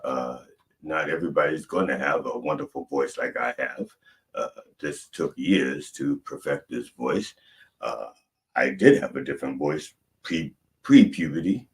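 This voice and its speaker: A man preaching a comic mock sermon, rambling and deadpan, with many fillers and restarts. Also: a bass voice, unhurried.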